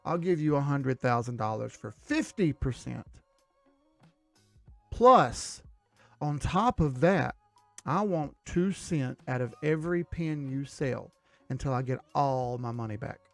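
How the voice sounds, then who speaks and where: A man voicing a blunt male investor who dismisses a pitch and drives a hard bargain. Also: expressive, unhurried, vocal fry, a bit bright, no room sound, faint music behind.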